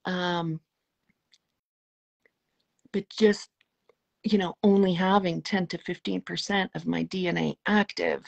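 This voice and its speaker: A middle-aged woman telling a personal spiritual story as an interview guest, earnest and emotional, often dropping to a soft hushed tone. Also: fairly low pitch, fairly even intonation, takes it slowly, vocal fry, long pauses, dull audio.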